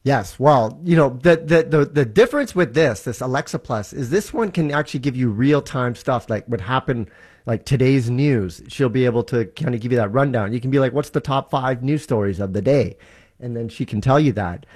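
A man's voice: mid-range voice, moderate pace, darkish tone, slightly rough. A Canadian man chatting casually and with enthusiasm, explaining how a gadget works through everyday examples. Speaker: tech guest. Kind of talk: casual radio chat.

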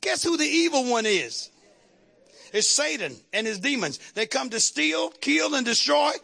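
Male pastor, fervent call-and-response sermon, very high and gravelly, bright and forceful.

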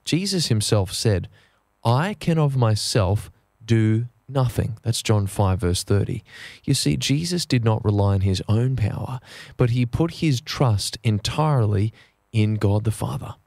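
A man preaching a sermon in an earnest, measured way, slowing down to stress key phrases. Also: lowish voice, lively intonation, creaky, darkish tone, no echo. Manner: earnest, measured, slows down for emphasis.

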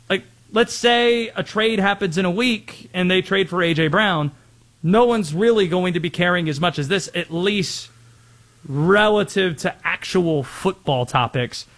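A man hosting a sports talk show, making his case in a quick, wry way. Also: high voice, fairly bright tone. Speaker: host.

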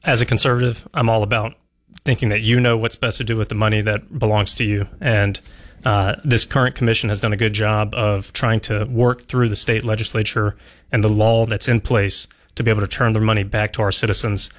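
A man's voice: fairly low pitch, little pitch movement. Earnest male candidate on talk radio. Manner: earnest, measured, frequent "uh" and restarts. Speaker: political candidate, radio guest. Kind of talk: radio interview answers.

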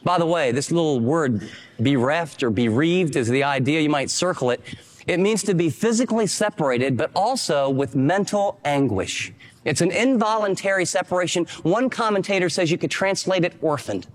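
A man's voice: animated, normal speed, long reverb tail. A man preaching a sermon, emphatic, acting out the quotes he reads. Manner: emphatic, acts out quotes with rising pitch. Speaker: pastor.

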